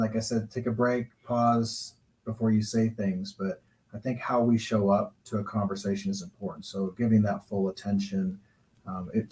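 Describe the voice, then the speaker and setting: A male counselor gives relationship advice in a measured, reflective way. His voice sits a little low, and he takes his time explaining each point. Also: dark tone, low-quality recording. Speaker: guest counselor and coach. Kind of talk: calm advice-giving talk.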